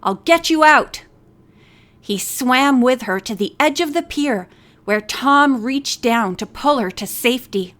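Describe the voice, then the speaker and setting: Female audiobook reader, unhurried and steady, voice sits on the higher side. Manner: steady, measured storytelling. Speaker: audiobook narrator. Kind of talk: reading a novel aloud.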